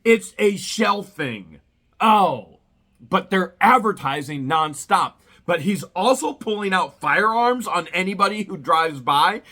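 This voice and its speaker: Brief: male vlog host, bright, lively, higher-pitched delivery, indignant commentary over faint music. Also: takes it slowly. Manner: animated and indignant, rhetorical questions. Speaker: vlogger and citizen journalist host. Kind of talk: outraged commentary to camera.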